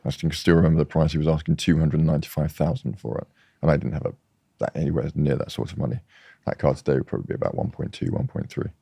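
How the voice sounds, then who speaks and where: A man's voice: extremely low pitch, quick pace, creaky, slightly rough, no echo, studio quality. A man guest chatting casually, telling anecdotes with many restarts. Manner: animated storyteller, trailing restarts. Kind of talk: casual chat.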